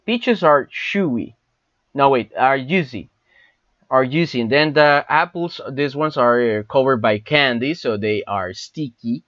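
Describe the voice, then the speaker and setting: A man whose first language is Spanish teaches an English class online, going over words and phrases slowly and repeating them. His voice sits at a middle pitch and comes across dry, with a slightly dull, lo-fi sound. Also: animated, a bit bright, no room sound.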